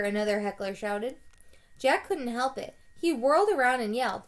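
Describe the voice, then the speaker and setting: Teacher reading a children's book aloud. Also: female voice, a little high, expressive, normal speed. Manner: plain storybook reading with small self-corrections, livelier on shouted quotes.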